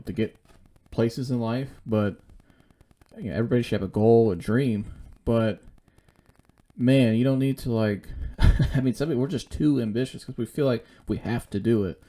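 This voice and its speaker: A man's voice: mid-range voice, moderate pace, mellow. A man hosting his own show, talking alone in a casual, rambling and blunt way that circles back on itself. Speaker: podcast host. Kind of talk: casual solo monologue.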